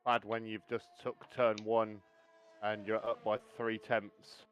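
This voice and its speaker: A man's voice: lowish voice, little pitch movement, unhurried, lo-fi sound, a little hiss or hum. A man streaming a co-op racing game, chatting casually, joking and swearing freely as he tells stories between laps. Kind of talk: casual gaming banter.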